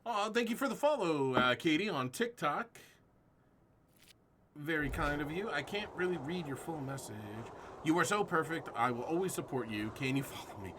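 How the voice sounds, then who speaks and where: A man's voice: a little high, expressive, moderate pace, background noise. A man streaming a horror game live, jumpy and swearing at scares while chatting with his viewers.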